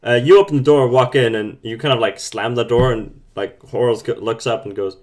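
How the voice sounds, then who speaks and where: A man's voice: mid-range voice, fairly quick, few pauses, a little mellow. A man running a tabletop role-playing game over a call, narrating loosely with many fillers. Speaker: game master. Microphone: remote call mic.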